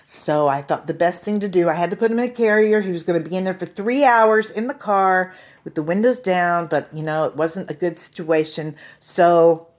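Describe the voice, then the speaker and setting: A woman performing a stand-up comedy routine, telling a story with profane, deadpan asides. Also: fairly low pitch.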